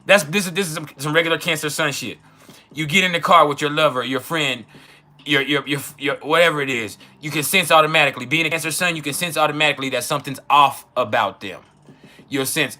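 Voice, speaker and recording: Profane animated man with a bright voice. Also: on the high side, fast talker. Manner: profane, animated, laughs often, acts out quoted arguments. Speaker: astrology channel host. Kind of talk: casual unfiltered chat.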